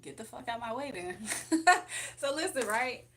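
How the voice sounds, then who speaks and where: A woman's voice: a little high, expressive, normal speed, a little hiss or hum. A young woman hosting a casual livestream from home, chatting, laughing often and reading comments aloud. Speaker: livestream host.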